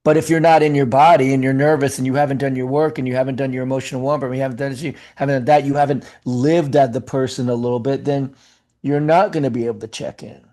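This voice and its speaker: Middle-aged male actor and coach, casual interview talk, mellow low-key timbre, animated delivery. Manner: animated, talks fast with many fillers and restarts.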